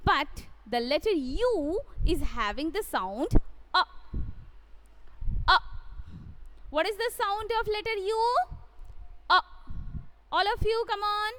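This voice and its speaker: A woman with a Bengali accent leads a kindergarten phonics class, her voice very high and lilting as she drags out each letter sound and repeats it for the children. She speaks slowly and patiently, and faint noise sits under the recording. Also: very animated, bright, forceful tone. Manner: mixes English with Bengali. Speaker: kindergarten English teacher. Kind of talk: phonics lesson for young children.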